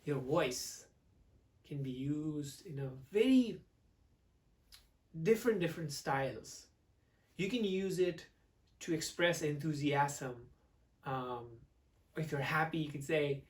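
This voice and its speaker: A man teaching public speaking to camera, expressive, swinging between loud and hushed delivery. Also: fairly high pitch, takes it slowly, long pauses, distant mic.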